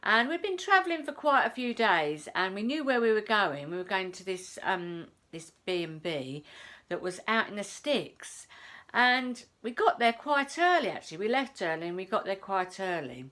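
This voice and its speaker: A woman's voice: mid-range voice, very animated, normal speed, pushed and bright. A middle-aged woman talks to camera about a trip, chatty and repetitive. Her voice rises and falls a lot as she tells the story. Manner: chatty, repeats phrases, says "I says". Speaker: self-help vlogger.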